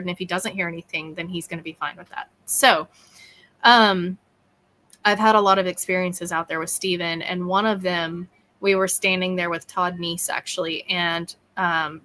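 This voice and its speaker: Woman on a video call, bright voice, chatty and animated, does the voices when she tells a story. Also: mid-range voice. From East Texas. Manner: animated, acts out quoted dialogue. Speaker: podcast host and guest. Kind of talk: casual interview storytelling.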